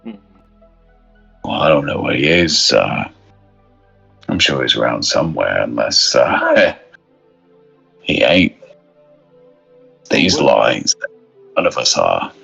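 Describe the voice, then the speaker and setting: A man doing a low, soft-spoken Cockney hauler. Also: very animated, slow, vocal fry, long pauses, slightly rough, dull audio, faint music behind, full character voice. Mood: shifty. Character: low-voiced cockney male cart hauler, shifty.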